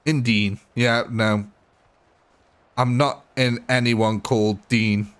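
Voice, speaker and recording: A man's voice: medium pitch, steady tone, slow pace, fairly bright tone, smooth, no room sound. A man hosting a live gaming stream, blunt and joking, laughing often. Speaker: gaming livestream host. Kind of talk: casual live commentary.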